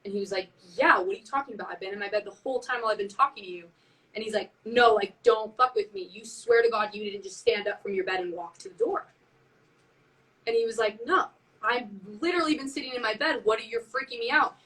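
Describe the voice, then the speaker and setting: A woman telling a spooky story in casual chat on a live stream, animated and full of "like", acting out what people said. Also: fairly high pitch, fast talker, far from the mic, low-quality recording. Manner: animated, heavy use of "like", acts out quotes. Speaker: band member on a live stream.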